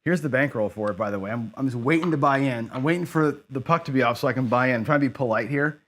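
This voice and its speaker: A man's voice: medium pitch, fairly bright tone. Guy streaming craps, chatty running commentary, talks to his chat, normal mid voice. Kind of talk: casual live-stream commentary while playing.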